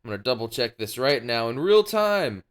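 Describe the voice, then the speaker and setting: A wargaming channel host talks in a clear, resonant mid-range voice at a moderate pace, keeping things casual and playful and slipping jokey announcer-style bits into his relaxed commentary.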